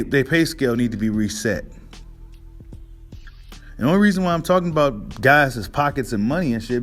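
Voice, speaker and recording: A man hosting a boxing monologue, ranting in a heated, profane way and asking his audience "right?" again and again. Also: medium pitch. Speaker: boxing commentary host. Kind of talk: casual rant monologue.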